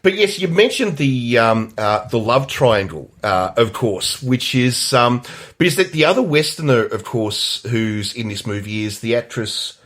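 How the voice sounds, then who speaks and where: Lively, rambling man reviewing a movie. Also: mid-range voice, unhurried. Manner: rambling, hesitant, lots of fillers and restarts. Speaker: podcast co-host. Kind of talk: casual movie review chat.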